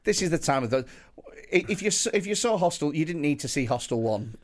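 A man's voice: fairly high pitch, sing-song, quick pace. A man co-hosting a comedy podcast, telling stories in a rambling way and checking in with "right?". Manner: rambling storyteller, lots of "right?". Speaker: podcast co-host. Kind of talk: casual comedy chat.

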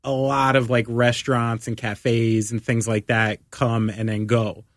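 A laid-back host asking questions in a casual interview, tossing in quick agreements and the odd swear. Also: medium pitch, level tone, no echo, clean studio sound.

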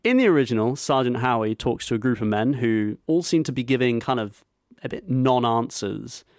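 A man's voice: mid-range voice, lively intonation, moderate pace, no echo, clean studio sound. Rambling man on a casual podcast. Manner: rambling, loose, swears, laughs while telling. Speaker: podcast co-host. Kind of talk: casual chat reviewing a film.

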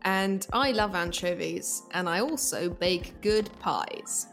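A woman's voice: on the low side, takes it slowly, over music. Confident woman tabletop player. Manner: confident, laughing. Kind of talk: in-character tabletop role-play.

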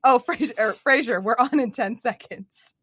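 A woman's voice: on the high side, moderate pace, slightly rough, dry recording, pitched above the performer's own voice. Woman reading as Roz, a boastful chatter. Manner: rambling, bragging reading of scripted lines.

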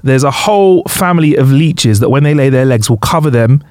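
A man's voice: mid-range voice, expressive, a little fast, darkish tone, dry recording, clean studio sound. A young man co-hosting a casual podcast, explaining facts with frequent laughter. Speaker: podcast co-host.

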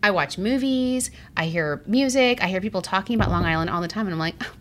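A woman from Arizona co-hosting a casual podcast, talking quickly and bubbly, with lots of "like" and laughter. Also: mid-range voice, animated. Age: adult parent. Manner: quick, chatty and bubbly, with many likes and laughs. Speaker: podcast co-host. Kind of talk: casual chat.

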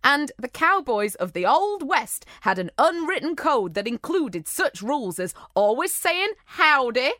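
Bubbly woman co-host, highish voice with a lot of swing, close and dry. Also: sing-song, measured pace, few pauses, bright, forceful tone, no room sound. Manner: giggly, bubbly, enthusiastic. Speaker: podcast co-host. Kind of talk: casual chat.

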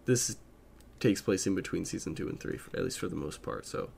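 A man's voice: low voice, lively intonation, fairly quick, creaky, darkish tone, slight background noise. A man co-hosting a podcast in casual chat, rambling with many fillers and swears. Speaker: podcast co-host.

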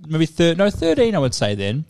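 A man's voice: fairly high pitch, wildly swooping pitch, normal speed, vocal fry, a little mellow. A young man hosting a podcast, telling stories in casual chat, swearing freely and acting out the voices of people in them. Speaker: podcast host.

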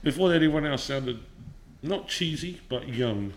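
A man's voice: a little high, lively intonation, moderate pace. A middle-aged man with a New Zealand accent, a guest telling stories in a casual interview, swearing freely and laughing often. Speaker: podcast guest, musician.

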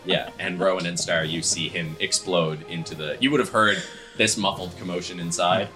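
A man narrating as game master of a tabletop game, animated and often laughing. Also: low voice, moderate pace, soft background music.

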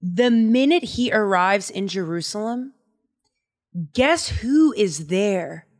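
A woman co-hosting a podcast, retelling a Bible story in casual chat, animated and slangy, acting out the dialogue. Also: medium pitch, slow pace. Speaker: podcast co-host.

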